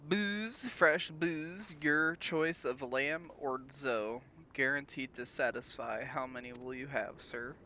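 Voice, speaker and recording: A man voicing a loud market hawker selling drinks and meat in a game. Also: mid-range voice, fairly even intonation, unhurried, hardly any pauses, slight background noise. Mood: hawking. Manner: hawking, calling out wares.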